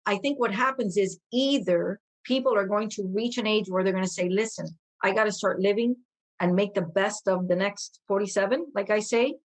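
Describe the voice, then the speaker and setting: Woman in her 50s chatting on a podcast, upbeat and quick, acts out what people said. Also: mid-range voice. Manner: energetic, animated, quick-talking with lively quoted asides. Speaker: podcast guest. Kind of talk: conversational interview storytelling.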